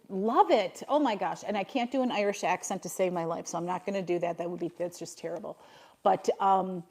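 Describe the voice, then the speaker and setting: Chatty grandmother hosting a livestream. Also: medium pitch. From Buffalo, New York. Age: older. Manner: chatty, answers viewer comments, laughs often. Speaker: livestream host. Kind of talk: casual livestream chat.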